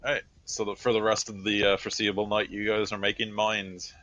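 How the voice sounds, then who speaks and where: A man narrating as game master of a tabletop role-playing game, relaxed and rambling with many fillers. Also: fairly low pitch, a little fast, dry recording, rough recording.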